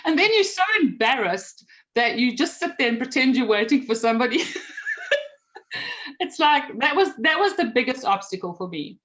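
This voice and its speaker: A woman's voice: sits high, sing-song, normal speed, fairly bright tone, a little hiss or hum. A woman with a South African accent, a guest telling self-deprecating stories in a casual interview and laughing as she goes. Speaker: guest, magazine publisher.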